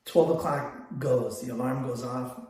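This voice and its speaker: Speaking a little slowly, this older photography business vlogger has a darkish, medium-pitched voice. His casual storytelling wanders and keeps restarting, and the room around him echoes heavily.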